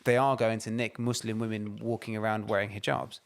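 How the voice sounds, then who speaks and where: A man's voice: on the low side, level tone, brisk. A man co-hosting a podcast, ranting and swearing emphatically in casual chat. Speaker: podcast co-host.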